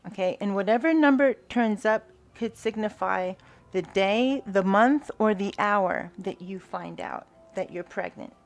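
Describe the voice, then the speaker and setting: Unhurried woman doing a spiritual card reading, soft and halting, mid-pitched. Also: vocal fry. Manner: slow, soft-spoken, hesitant with fillers; invocation-like gratitude prayer. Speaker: tarot reader.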